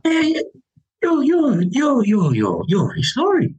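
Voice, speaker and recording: Guy doing a super high squeaky stunned customer, stammering all over. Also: wildly swooping pitch, a little slow, a little mellow, slightly rough, heavily acted. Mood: astonished. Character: astonished excitable male customer.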